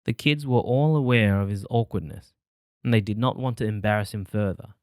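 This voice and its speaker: A male audiobook narrator with a lowish voice reads in a measured, steady way. The recording is close and dry, with no room sound. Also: no room sound.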